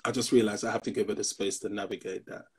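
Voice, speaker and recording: Husky-voiced man in his fifties. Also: on the low side, fast. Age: 50s. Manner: animated storyteller who acts out other people's voices. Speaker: pastor. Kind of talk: casual discussion, personal storytelling.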